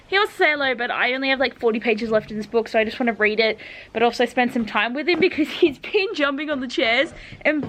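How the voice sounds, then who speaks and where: A young woman with an Australian accent chats straight to camera in a bright, high-pitched voice. She talks in an easy, gushing way, scattering "like" through her sentences as she vlogs. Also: fast, a little hiss or hum. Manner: chatty and gushing, peppered with "like". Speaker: vlogger. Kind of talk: casual chat to camera.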